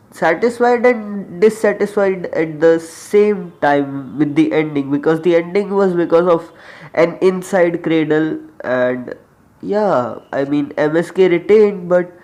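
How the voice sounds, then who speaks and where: A man's voice: a little high, a little mellow. A young man with an Indian accent and a slight cold, rambling chattily through a casual wrestling review vlog as its host. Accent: Indian English. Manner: chatty and rambling, often trailing off.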